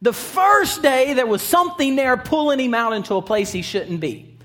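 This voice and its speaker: High-voiced man in his thirties preaching. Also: moderate pace. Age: 30s. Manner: animated, builds to shouting. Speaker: children's evangelist. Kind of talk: sermon.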